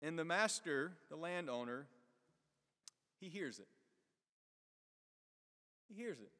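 A pastor preaching, with a fairly high voice. He asks his listeners questions and voices the characters of the story as he goes. His words ring on with the long reverb of a big church hall. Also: lively intonation, slow pace, sharp tone. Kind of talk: sermon.

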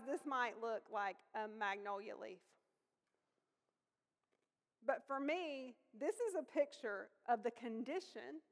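A woman preaching a sermon, telling a personal story in a conversational, lively way. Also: on the high side. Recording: long reverb of a large hall.

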